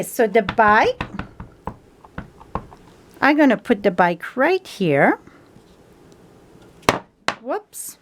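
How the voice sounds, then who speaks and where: Slow, chatty woman demonstrating a craft. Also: on the high side, a little hiss or hum. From France. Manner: chatty, homespun, non-native grammar with fillers. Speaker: stamping craft instructor. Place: home craft table.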